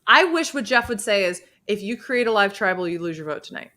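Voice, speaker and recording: A woman co-hosting a podcast, chatting in an animated way, swearing and acting out quoted lines. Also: medium pitch, a little fast. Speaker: podcast co-host. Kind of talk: casual chat.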